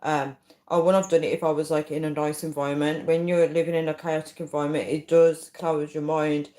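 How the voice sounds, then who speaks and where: A woman's voice: low voice, flat delivery, a little fast, warm tone, reverberant. A woman hosting a casual livestream, rambling chattily with frequent ums as she reads viewer comments. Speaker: livestream host. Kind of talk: casual live chat, reading viewer comments.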